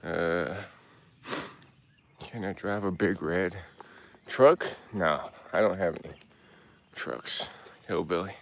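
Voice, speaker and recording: Out of breath on a hilly outdoor trail, a man chats in a laid-back way while answering live chat questions aloud. His voice is low and creaky, and he speaks slowly with long pauses.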